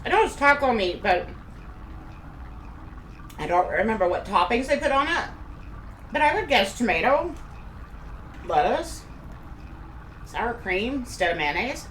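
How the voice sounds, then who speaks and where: Her voice sits on the high side and has a sing-song lilt, fairly bright, moving at a measured pace with long pauses. She's a middle-aged woman from Kansas in the USA, rambling casually and eating while she streams live from a room in her home, where the sound echoes a bit over faint background noise.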